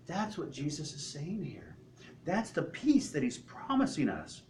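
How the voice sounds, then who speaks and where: A man's voice: on the high side, huge pitch swings, measured pace, a little mellow, a little hiss or hum. A man preaching a sermon to his congregation in a church, in a conversational way, asking rhetorical questions. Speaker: pastor.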